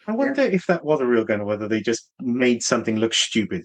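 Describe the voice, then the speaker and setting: A man's voice: mid-range voice, big pitch swings, quick pace. A man, a guest on a casual film podcast, laid-back and dry.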